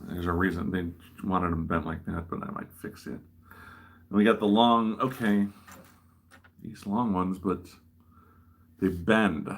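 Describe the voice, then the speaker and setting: A man's voice: deep voice, steady tone, measured pace, pauses often, a little hiss or hum. A man hosting a livestream, chatting casually while he builds a model, rambling and poking fun at himself. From American Midwest. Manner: rambling, self-deprecating. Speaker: livestream host.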